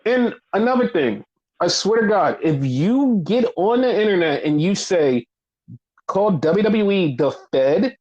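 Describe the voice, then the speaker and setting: A young man with a fairly high voice rants on a casual podcast. He swears a lot and hammers the same phrases over and over, heated and exasperated. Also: expressive, unhurried, a little mellow, lo-fi sound. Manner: profane, heated ranting with repeated phrases. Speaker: wrestling podcast co-host. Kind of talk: casual ranting podcast chat.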